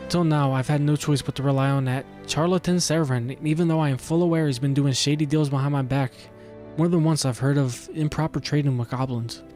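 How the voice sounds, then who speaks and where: Scheming merchant, wary and hushed, as a man reads him out; low, confiding delivery. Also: steady tone, a little fast, faint music behind, close to an everyday voice.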